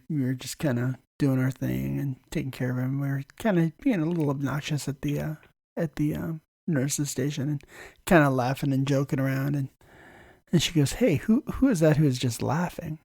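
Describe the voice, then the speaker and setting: A man hosting a casual podcast conversation, telling relaxed work stories and often clearing his throat. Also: mid-range voice, moderate pace, dry recording, studio quality. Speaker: podcast host, ER nurse.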